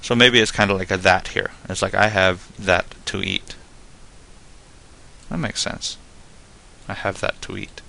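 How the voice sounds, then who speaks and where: A man teaching a casual spoken lesson, explaining in a relaxed, rambling way full of "like" and "you know.". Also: deep voice, unhurried, vocal fry, long pauses. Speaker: Spanish tutor.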